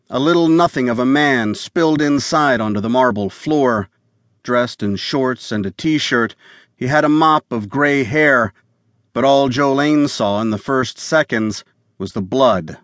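This is scripted audiobook narration: a man with a mid-range voice reads a thriller steadily and deliberately. It's recorded at studio quality with no audible room.

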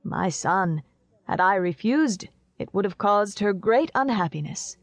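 A woman voicing a middle-aged father who speaks low, sadly and in a measured way in an audiobook. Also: expressive, no echo, clean studio sound. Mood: grave.

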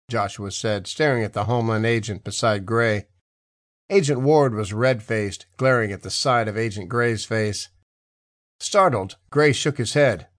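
A man narrating a thriller audiobook in an even, clear storytelling manner. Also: lowish voice, normal speed, dry recording, clean studio sound. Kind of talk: scripted narration.

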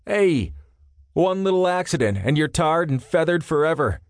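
A wisecracking young male agent trades jokes in a light, playful way, as a narrator puts him on. The sound is close and dry, a touch low. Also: lively intonation, normal speed, a little mellow, dry recording, close to an everyday voice. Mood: joking. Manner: playful, joking. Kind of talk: audiobook character voice.

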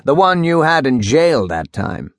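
A man voicing a very old, gloomy judge who speaks slowly and solemnly. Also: fairly high pitch, sing-song, no room sound, studio quality, voice pushed up. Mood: slow, wistful. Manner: slow, ponderous, solemn. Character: very old brooding male judge, slow and gloomy.

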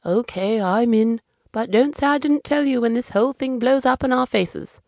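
A woman's voice: fairly high pitch, normal speed, a little mellow, no echo, clean studio sound, pitched above the performer's own voice, natural voice. Woman reader as skeptical bony male sidekick; grumbling, teasing, kids' audiobook. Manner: doubtful and teasing, says "mate". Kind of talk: children's audiobook narration.

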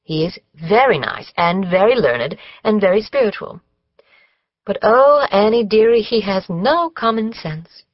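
A woman's voice: medium pitch, lively intonation, unhurried, no echo, pitched above the performer's own voice. A chatty middle-aged village woman leans hard on her words, as a woman narrator puts her on. Recorded dry, with a slightly dull top end. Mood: emphatic.

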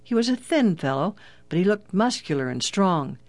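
Dry, even children's audiobook narrator. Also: mid-range voice, normal speed, no room sound.

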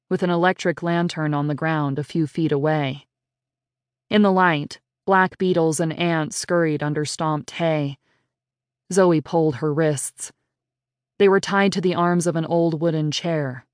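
A woman narrating an audiobook in a measured, unhurried read on a studio mic. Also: low-pitched, no echo. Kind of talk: scripted narration.

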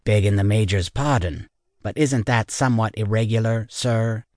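A man's voice: on the low side, steady tone, moderate pace, darkish tone, no room sound, clean studio sound, lightly acted. A man playing a stern, formal sergeant major. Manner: clipped military formality.

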